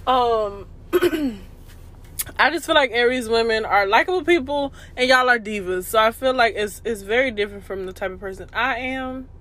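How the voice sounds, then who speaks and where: Chatting casually on her podcast, a young woman uses lots of slang and laughs frequently. She has a medium-pitched voice with a fairly bright tone.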